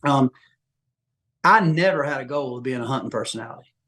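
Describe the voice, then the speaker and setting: A middle-aged man from Georgia with a Southern accent, a podcast guest telling folksy, animated stories and acting out quotes. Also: mid-range voice, brisk. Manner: folksy, animated, acts out quotes with big voice jumps. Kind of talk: casual storytelling interview.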